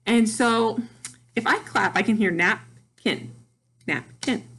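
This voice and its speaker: A woman teaching a phonics lesson to young children, speaking patiently and deliberately as she sounds out words and syllables. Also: on the high side, fairly even intonation, a bit bright, slightly rough.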